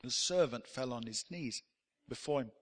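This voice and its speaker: A man's voice: medium pitch, moderate pace, fairly bright tone, breathy edge, in a large hall. A man preaching a sermon as pastor, emphatic, and leading the congregation in call-and-response.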